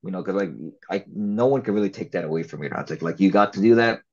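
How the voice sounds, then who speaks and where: A man speaks in a low, husky voice, chatting casually as an interview guest. He rambles loosely and restarts his sentences often. The audio is slightly dull and lo-fi. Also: quick pace. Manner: relaxed, rambling, many fillers and restarts. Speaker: actor and filmmaker guest.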